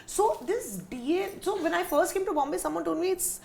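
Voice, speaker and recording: Gravelly-voiced woman telling stories. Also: very high-pitched, brisk, a loud crowd. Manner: animated, acts out quotes, laughs while telling. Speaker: guest director. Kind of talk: casual storytelling chat. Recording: faint background noise.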